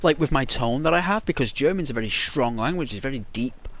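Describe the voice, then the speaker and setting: An English man with a soft tone chats and rambles while he plays. His voice sits at an ordinary middle pitch. The delivery is casual gameplay commentary with a gentle, semi-ASMR feel. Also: lively intonation, brisk. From England. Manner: soft-toned, rambling and chatty. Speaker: gaming channel host.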